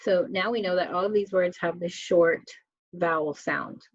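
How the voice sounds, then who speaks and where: A woman's voice: on the low side, steady tone, no room sound, muffled recording. A woman teacher giving a spelling lesson to children, reading words aloud one by one and asking the class questions. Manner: slow, clear word-by-word reading with questions to students.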